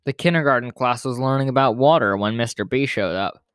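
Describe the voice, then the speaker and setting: A man reading a children's picture book aloud in plain, steady narration. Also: medium pitch, brisk, smooth, dry recording, clean studio sound. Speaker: storyteller.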